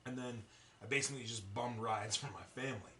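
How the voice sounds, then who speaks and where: A man hosting a podcast, telling a story in a casual, profane, animated way. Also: mid-range voice, fast talker, a little hiss or hum. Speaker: podcast host. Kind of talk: casual chat. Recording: echoey room, distant mic.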